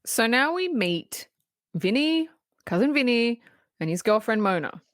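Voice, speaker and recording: A woman co-hosting a podcast, retelling film scenes in an animated, casual way. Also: on the high side, a little slow, dry recording, studio quality. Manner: animated retelling with quoted lines. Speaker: podcast co-host. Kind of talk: casual movie review chat.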